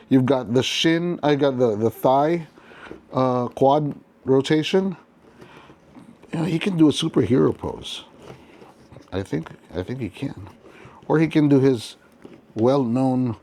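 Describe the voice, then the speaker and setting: A man's voice: mid-range voice, expressive, a little slow, long pauses, a little mellow, slight background noise. Chatty man reviewing a toy. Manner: chatty, thinking aloud while handling a figure. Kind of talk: casual unboxing review.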